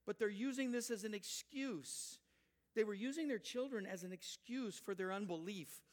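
An older male pastor delivers a sermon in a high-pitched, emphatic voice. He swings between loud, urgent quotations and soft, earnest asides to his congregation. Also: normal speed. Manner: emphatic, rising loud when quoting, dropping soft for asides.

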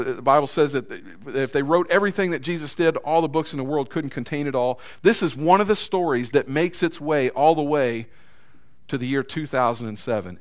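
A man preaching a conversational sermon, acting out characters' thoughts and speaking directly to the congregation. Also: medium pitch.

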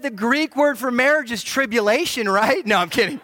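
Male pastor, middle-aged, playful preacher with a swooping, expressive delivery. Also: extremely high pitch, a little fast, hardly any pauses, dry recording. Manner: animated, joking preacher who acts out quotes. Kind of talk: sermon.

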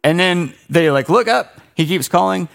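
A man preaching a sermon in a casual, animated storytelling way, often restarting his sentences. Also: high voice, moderate pace, vocal fry. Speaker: pastor.

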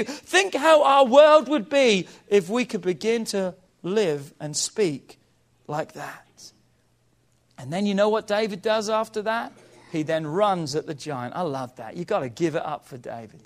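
A man preaching a sermon as pastor, swinging between loud emphatic peaks and hushed low endings and calling on the congregation to respond. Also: expressive, a little slow. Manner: impassioned, calls for congregation response.

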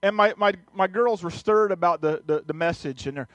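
A man's voice: high voice, a little fast, fairly bright tone, no room sound. A male pastor telling a personal story in a sermon, earnest, often restarting and repeating his words. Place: church sanctuary.

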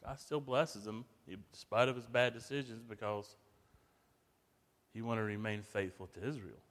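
A man preaching a sermon, swinging from hushed, slow passages to loud, emphatic bursts. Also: medium pitch, steady tone. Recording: long reverb of a large hall.

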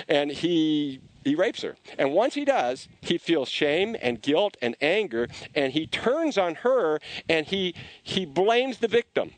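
Male preacher, chatty sermon delivery, animated with restarts, dry recording. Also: on the high side, moderate pace, few pauses, dry recording. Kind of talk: conversational sermon storytelling.

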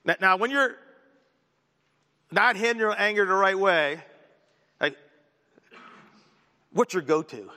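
Bright-voiced pastor preaching in a hall. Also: male voice, high voice, expressive, slow pace, long pauses. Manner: conversational, joking asides. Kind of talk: sermon.

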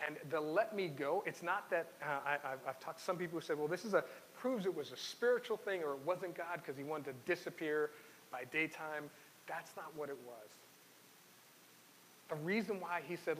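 A man's voice: on the high side, normal speed, a bit bright. A man preaching a sermon in an earnest, personal way, reading scripture aloud and telling his own story. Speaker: pastor. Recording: long hall reverb with faint hiss.

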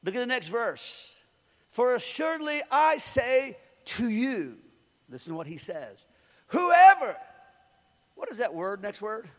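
A man preaching a sermon in an animated way, swinging between loud bursts and quiet asides and acting out voices. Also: sits high, measured pace. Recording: long reverb of a large hall.

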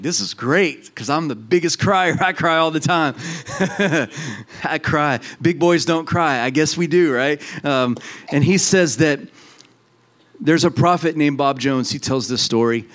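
A man's voice: mid-range voice, fairly bright tone. A man preaching a sermon as a pastor, earnest and fervent.

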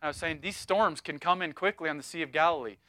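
A man preaching with a high, bright voice in an animated, chatty way, full of asides and jokes. The sound is dry and close, with no room around it. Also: fast, no room sound. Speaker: pastor. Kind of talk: sermon.

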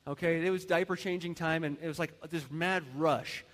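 High-voiced man preaching in an echoing church. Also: steady tone, moderate pace, fairly bright tone. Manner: humorous, asks the congregation rhetorical questions. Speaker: pastor. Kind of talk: sermon. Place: church sanctuary.

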